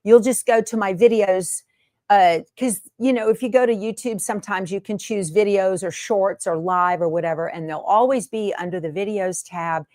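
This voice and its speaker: A woman's voice: medium pitch, normal speed, a little mellow, no room sound, clean studio sound. A woman hosting her sewing channel in a chatty, homey way from her sewing room. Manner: chatty and homey, many fillers. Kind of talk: casual chat to camera.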